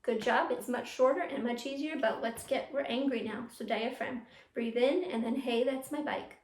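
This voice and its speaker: A young woman teaching a youth theatre class from home, coaching the viewer through breathing warm-ups and practice lines. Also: a little high, normal speed. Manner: encouraging, talks straight to the viewer, leads breathing drills. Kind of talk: virtual class to children at home. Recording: echoey room.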